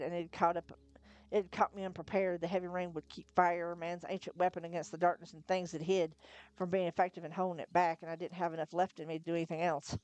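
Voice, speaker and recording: A woman reads a novel aloud on a live stream in a fairly low voice. She tells the story in the first person at a steady pace. Now and then she trips on a word and corrects herself. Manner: steady storytelling with occasional slips and self-corrections. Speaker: narrator, reader.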